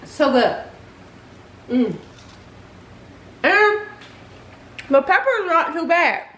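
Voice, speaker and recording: A chatty woman with a drawl hosts her home cooking vlog, exclaiming over each bite. Her voice sits high, and it carries through a roomy kitchen. The mic stands a little away from her, with a faint hum behind. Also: big pitch swings, extremely slow, fairly bright tone, recorded from a distance. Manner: chatty, exclaims while tasting. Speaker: cooking channel host.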